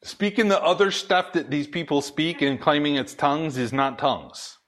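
This is a man's voice, somewhat high and fairly bright, moving at a normal speed. He is a pastor from the Pacific Northwest giving a conversational sermon to a laughing congregation, reading scripture aloud and working through questions he raises himself.

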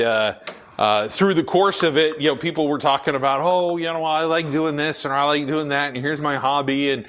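Preaching in a loose, conversational way, this middle-aged male pastor often uses fillers and restarts his sentences. His voice is deep and full like a radio announcer's, with a slight brightness.

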